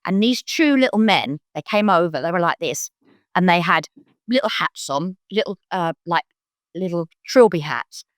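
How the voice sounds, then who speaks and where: An older woman with London English, a psychic guest, tells stories at a normal pace in a casual chat, animatedly imitating other people's voices with high-pitched bursts. The studio-quality audio has no room sound.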